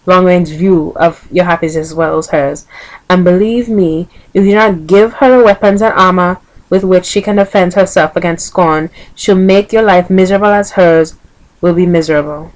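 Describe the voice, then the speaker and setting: A woman's voice: fairly low pitch, fairly even intonation, moderate pace, lightly acted, low-quality recording. A woman with a Vincentian accent voicing a fierce, stubborn old nanny while reading a book aloud.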